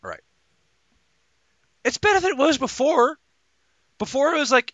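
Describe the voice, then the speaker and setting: A man's voice: extremely high pitch, expressive, normal speed, long pauses, a bit bright, dry recording. A man hosting a live talk show in a rambling, jokey way, full of stumbling restarts. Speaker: host. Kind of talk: casual live-show chat.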